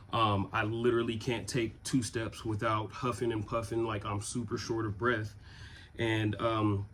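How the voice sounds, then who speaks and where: Man in his twenties, from Southern California, low voice, loose rambling storytelling, slight background noise. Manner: relaxed, rambling with many fillers. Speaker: vlogger. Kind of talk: casual storytelling.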